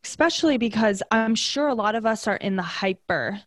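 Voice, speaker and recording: A woman's voice: mid-range voice, lively intonation, brisk, no room sound, studio quality. A woman candidly sharing a personal story in casual conversation, chatty and full of fillers.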